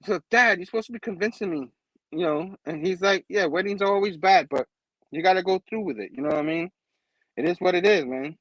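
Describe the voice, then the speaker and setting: A man casually recapping a comic book, laughing often and acting out the characters in quick voices. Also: sits high, dry recording, poor audio.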